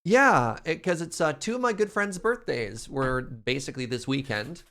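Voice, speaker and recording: A man's voice: medium pitch, moderate pace, fairly bright tone. A man casually commenting as he streams a building game, chatty and playful, talking to his chat.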